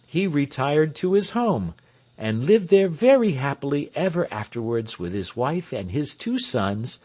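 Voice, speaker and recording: A man reads an audiobook as scripted narration, telling the story in an expressive way. His pace is slow and deliberate. His pitch rises and falls widely.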